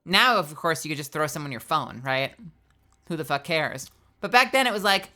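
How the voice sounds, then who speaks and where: Bright-voiced, outspoken woman streamer. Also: sits low. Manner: outspoken, heavy swearing, lots of "like" fillers; animated, swings between quick bursts and drawn-out phrases. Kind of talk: casual live-stream chat, answering viewers.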